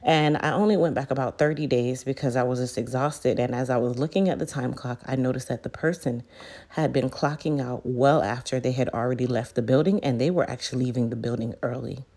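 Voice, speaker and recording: Deep, mellow-voiced woman vlogger. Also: steady tone, fairly quick. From United States. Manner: chatty, addresses viewers directly. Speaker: hair care business owner. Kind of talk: casual storytime vlog.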